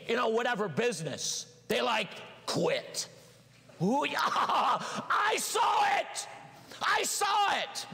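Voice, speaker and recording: Animated, high-pitched man preaching in a reverberant hall. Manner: animated, acts out voices, shouts for emphasis. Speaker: pastor. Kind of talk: sermon. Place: church sanctuary.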